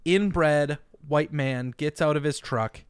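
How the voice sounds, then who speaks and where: A man co-hosting a casual chat, telling stories in an animated way and laughing often. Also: a little high, slow pace, clear, resonant tone, no echo, clean studio sound. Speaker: podcast co-host. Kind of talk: casual comedic storytelling.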